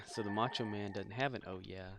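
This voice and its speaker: A man's voice: on the low side, moderate pace, creaky, noisy background. A man streaming a game live, chatting casually and joking with his chat. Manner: joking, rambling, chuckling.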